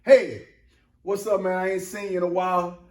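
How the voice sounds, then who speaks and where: A man voicing a sheepish group of elders who ask for help in a casual, hushed and hurried way. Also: high-pitched, level tone, reverberant, distant mic, close to an everyday voice.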